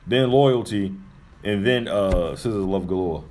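A man's voice: fairly low pitch, unhurried, darkish tone. A man co-hosting a podcast in casual chat, talking in a blunt, profane, jokey way. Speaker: podcast co-host.

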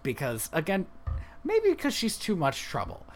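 A man's voice: on the high side, huge pitch swings, moderate pace, soft background music. A man co-hosting a podcast, recapping a movie in a wry, casual way and laughing at his own jokes. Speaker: podcast co-host.

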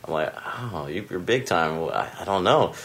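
Deep-voiced guy hosting a chill chat in a hotel room, rambles and acts out phone calls. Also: expressive, moderate pace, fairly bright tone. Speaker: podcast host. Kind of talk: casual chat.

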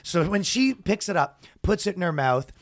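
A man telling a comedic story on a podcast, loud and animated, with bursts of shouted announcer impressions. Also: high-pitched, moderate pace. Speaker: podcast co-host.

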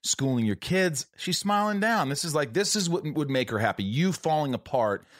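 A man's voice: a little high, very animated, normal speed, no echo, clean studio sound. A young man hosting a casual, heartfelt conversation, speaking candidly with the odd swear word and acting out what others said. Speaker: podcast host.

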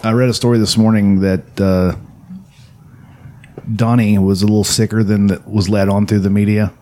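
Low-voiced man with dry jokes. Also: little pitch movement, normal speed, mellow. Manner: dry joking asides. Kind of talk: casual chat.

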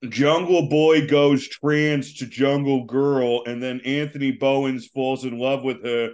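A man's voice: mid-range voice, fairly even intonation, a little slow, a little mellow. A man in a mid-range voice co-hosts a casual, comedic podcast. He rambles through plans and jokes with plenty of fillers. He tags lines with a loose "bro.". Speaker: podcast co-host.

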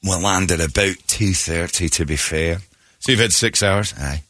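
A man's voice: low-pitched, a little slow, no echo. A man hosting a morning radio show, telling a story in casual chat and laughing as he goes. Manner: animated, laughing, puts on voices in quotes. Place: radio studio.

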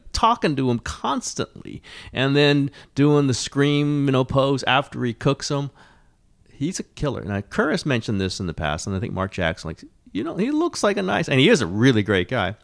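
A middle-aged man hosting a casual sports talk show, rambling and animated, with frequent restarts and the odd swear. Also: medium pitch, gravelly. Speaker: sports columnist and podcast host.

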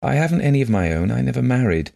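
A man reading the part of a gentle, shy blind woman who talks softly and earnestly in simple phrases. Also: mid-range voice, big pitch swings, fast, gravelly, voice pushed up.

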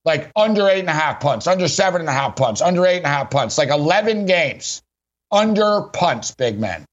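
A man's voice: fairly high pitch, animated, a little fast, highs cut off. A middle-aged man hosting a sports radio show, talking bluntly and rambling about betting and football. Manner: rambling, blunt, keeps saying "big man". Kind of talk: casual sports betting talk.

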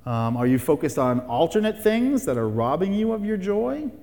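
A man's voice: on the high side, very animated, moderate pace, warm tone. Man preaching a sermon in a hall. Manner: emphatic, with rhetorical questions and repeated phrases. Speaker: pastor.

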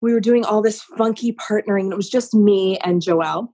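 A woman in her thirties from Maine, a Broadway performer talking in a casual interview, telling stories in an effusive, animated way. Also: medium pitch, a little fast, breathy edge. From Maine, USA. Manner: effusive, animated storytelling with lots of "like".

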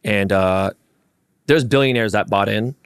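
A man co-hosting a golf podcast, telling animated stories and acting out the lines of the people in them. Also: lowish voice, measured pace, clear, resonant tone, no room sound. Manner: animated storyteller acting out quotes. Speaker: podcast co-host. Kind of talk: casual storytelling. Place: golf course.

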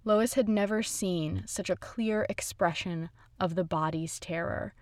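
A woman with a low voice reads a scripted true-story narration at a measured pace. The recording is dry and close to the mic, with no room sound.

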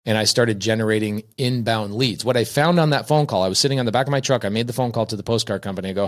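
A man's voice: lowish voice, fast talker, hardly any pauses. Man telling a story, voices the quotes. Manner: acts out quoted people with a raised voice; self-correcting restarts. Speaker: real estate investor guest. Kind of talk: casual storytelling.

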